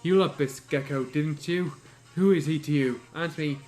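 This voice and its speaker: A man's voice: on the high side, normal speed, a little mellow, soft background music, lightly acted. A man voicing a cold, scornful female warrior who scolds harshly, in a fan audiobook reading.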